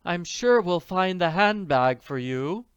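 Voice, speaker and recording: Man doing an inn manager, slow, formal, quiet, lively pitch. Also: smooth, dry recording, muffled recording. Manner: quiet, measured, slightly impatient. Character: inn manager, man, calm and stiffly polite.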